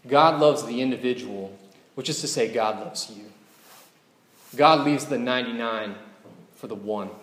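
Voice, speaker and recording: A man preaching a sermon as a pastor. He talks in a conversational way and often puts rhetorical questions to the congregation. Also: fairly high pitch. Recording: echoey hall with long reverb.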